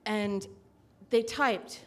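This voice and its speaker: A woman's voice: mid-range voice, extremely slow. A woman telling a personal story live on stage into a microphone, in a chatty, self-mocking way full of fillers.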